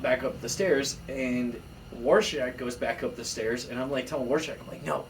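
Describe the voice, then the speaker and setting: A man in his thirties tells stories on a casual podcast, and he acts out every quoted line with sudden leaps up in pitch. His voice sits in the middle range. He is heard from some way off the mic, with a faint hiss behind him. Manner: animated storyteller, acts out quotes with jumps in pitch. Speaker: podcast co-host. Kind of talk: casual storytelling chat. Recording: distant mic with faint room noise.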